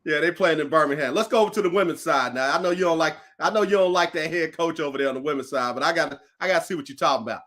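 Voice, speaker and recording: Male host, bright higher voice, playful teasing banter. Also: very fast, hardly any pauses. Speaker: show host. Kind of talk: casual sports chat.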